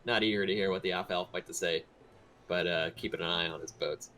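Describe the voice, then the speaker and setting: A man narrating as game master of a tabletop game, in a relaxed, halting way with many fillers. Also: sits low.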